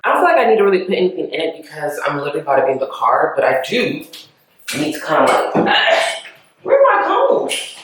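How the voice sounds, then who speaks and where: A woman's voice: low voice, expressive, quick pace, a little hiss or hum. A young woman chatting casually to camera in a vlog, rambling and laughing often. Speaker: beauty vlogger.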